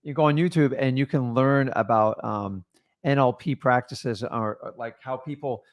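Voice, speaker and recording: A man's voice: mid-range voice, normal speed, lo-fi sound. A middle-aged man with an ordinary, mid-range voice gives earnest advice. He talks straight to viewers in a casual coaching tone. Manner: earnest, advice-giving, addresses viewers as guys. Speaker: co-host, real estate investor.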